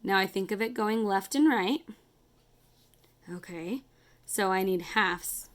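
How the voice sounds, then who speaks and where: Lady teacher walking kids thru fractions, chatty, says sorry a lot, counts out loud, mid pitch. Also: takes it slowly. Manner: chatty, apologetic, talks while coloring and counting aloud. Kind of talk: casual math lesson to kids.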